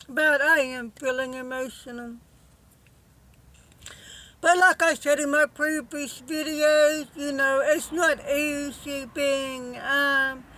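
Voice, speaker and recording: Woman vlogger, heartfelt and emotional, slow unhurried delivery with lots of fillers. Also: sits high, bright, forceful tone, poor audio. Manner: emotional, halting, with many fillers; heartfelt and earnest. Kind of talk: casual direct-to-camera vlog.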